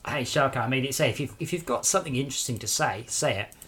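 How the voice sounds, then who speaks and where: A man's voice: mid-range voice, fast talker, a bit bright, slight background noise. A man streaming a game live and sarcastically scolding trolls in his chat.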